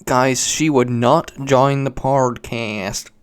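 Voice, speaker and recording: A man's voice: mid-range voice, fairly even intonation, slow, clean tone. A young man with a British accent talks alone into his podcast mic, rambling from one gripe to the next. He swears freely and pokes fun at himself, in an ordinary mid-range voice. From Britain. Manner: rambling, sweary, self-mocking. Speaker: podcast host. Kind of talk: solo casual podcast rant.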